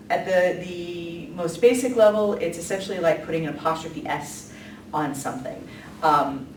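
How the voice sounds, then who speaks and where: A woman giving a casual, chatty lesson, with many ums and light laughs. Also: lowish voice. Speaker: language teacher. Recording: echoey room from a distance, faint noise.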